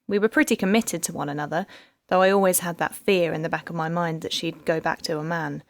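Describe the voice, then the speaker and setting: A woman's voice: lowish voice, steady tone, fairly quick, no room sound, close to an everyday voice. An audiobook narrator, a woman, voicing a heartbroken female detective who tells her past with wry bitterness. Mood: wistful. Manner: wry, rueful storytelling.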